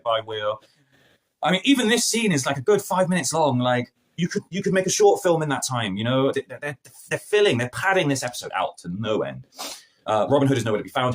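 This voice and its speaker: Fast, animated man ranting a review. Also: medium pitch, slight background noise. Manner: exasperated, sarcastic, slangy storytelling. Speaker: film and TV reviewer.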